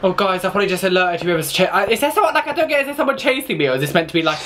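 Brief: male gaming host, horror playthrough, skittish and foul-mouthed, lively swooping pitch, noisy recording. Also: fast talker. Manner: jumpy, swears, nervous laughter and shrieks. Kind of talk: horror game playthrough commentary.

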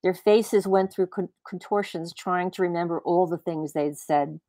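A woman author reading her own fiction aloud in a brisk, expressive way. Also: fairly low pitch, dry recording.

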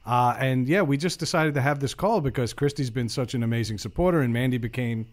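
A man's voice: mid-range voice, quick pace. A man hosting a podcast, joking and swearing through a casual group chat with friends. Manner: profane, joking. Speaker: podcast host.

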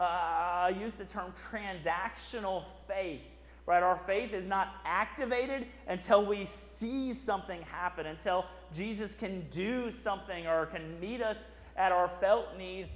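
High-voiced pastor in an echoey church. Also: male voice. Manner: conversational preaching with frequent "right?" asides. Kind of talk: sermon. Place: church sanctuary.

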